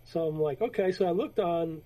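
A podcast co-host with a high-sitting, warm voice talks fairly quickly in a casual chat about comics, heard through poor audio. He tells a story in a rambling way, with many restarts and acted-out quotes in different voices.

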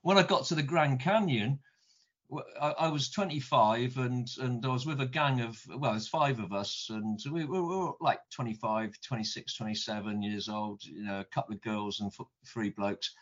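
A man's voice: medium pitch, moderate pace. A middle-aged man with a British accent, winding through stories in easygoing conversation, stumbling over repeated words. The recording is dull and lo-fi, with a muffled top end. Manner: rambling, repeats words, mild swearing. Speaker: guest. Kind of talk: casual anecdote telling.

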